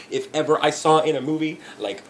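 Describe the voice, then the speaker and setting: A man's voice: a little high, noisy background. A man giving a profane, rambling comedic rant, often breaking into laughter. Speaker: vlogger.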